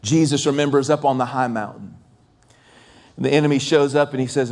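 A man's voice: medium pitch, brisk, vocal fry, long pauses, a little mellow. A male pastor preaching a sermon in an emphatic voice, piling up repeated phrases. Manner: emphatic, repetitive lists.

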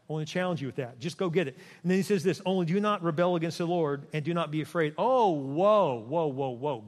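An older man preaching a sermon as pastor, emphatic and repetitive, dropping to a soft voice for prayer. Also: a little high. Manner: emphatic, repeats lines with the congregation, softens for prayer. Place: large church sanctuary. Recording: long reverb of a large church hall.

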